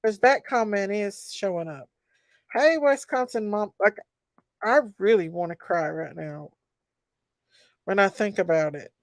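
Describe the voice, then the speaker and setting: A woman hosts a casual livestream, chatting with viewers and reading their comments aloud. Her voice is smooth and clear, recorded dry and close. She talks in an emotional, chatty way. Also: medium pitch, unhurried, long pauses, no room sound. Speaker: livestream host.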